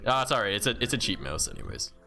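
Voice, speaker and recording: A man's voice: lowish voice, very animated, rapid-fire, vocal fry, music in the background. A man streaming and chatting casually, telling a story full of swearing and "like" fillers. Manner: swears freely, lots of "like" fillers.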